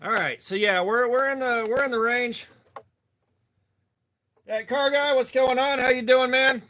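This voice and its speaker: A man's voice: extremely high pitch, a little slow, sharp tone. A man hosting a casual live stream, greeting viewers by name and rambling chattily between topics. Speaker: livestream host.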